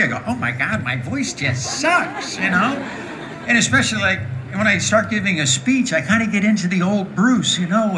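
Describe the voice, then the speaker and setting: A woman in her late sixties with a deep, raspy voice, talking frankly to a live audience and telling stories with jokes. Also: slight background noise, rough recording. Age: 60s. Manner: frank, joking, animated storytelling. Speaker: guest speaker. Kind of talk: candid live talk with audience.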